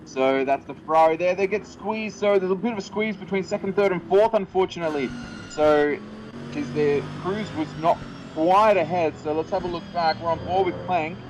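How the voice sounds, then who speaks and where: A man calling an esports sim race as lead commentator, energetic play-by-play with frequent fillers. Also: high voice, moderate pace, highs cut off, noisy background.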